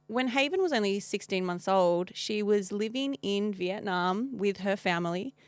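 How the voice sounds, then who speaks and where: A woman's voice: medium pitch, clear, resonant tone, no room sound. A woman with an Australian accent hosting a podcast, earnestly introducing a guest's story with enthusiasm. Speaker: podcast host.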